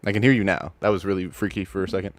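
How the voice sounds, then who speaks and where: A man hosting a live stream, chatting casually with viewers, excitable and stammering, swearing freely. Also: sits low, very fast, no echo. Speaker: streamer host judging videos.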